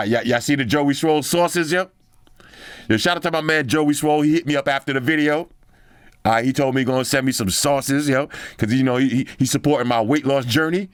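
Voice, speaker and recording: A man's voice: medium pitch, clear, resonant tone, no room sound. Slangy, chatty man in a dry room. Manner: slangy and chatty, drops in "yo" and "bro"; loose, thinking aloud with restarts. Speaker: tech video host. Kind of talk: casual commentary while scrolling a phone.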